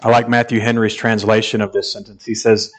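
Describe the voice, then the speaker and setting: A pastor with a lowish voice and flat delivery preaches a sermon, earnest and measured. He pauses, repeats phrases, and builds up to emphatic stretches.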